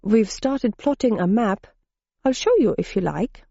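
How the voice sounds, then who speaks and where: A woman's voice: medium pitch, animated, measured pace, vocal fry, warm tone, breathy edge, no room sound, dull audio, exaggerated voice. A woman voicing a tall, earnest Swedish woman scientist who explains technical things politely, in a Swedish accent.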